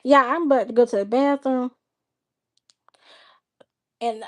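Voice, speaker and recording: Slow-talking blunt woman streamer. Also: sits high. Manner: blunt, exasperated storytelling with cursing. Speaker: livestream host. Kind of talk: casual chat.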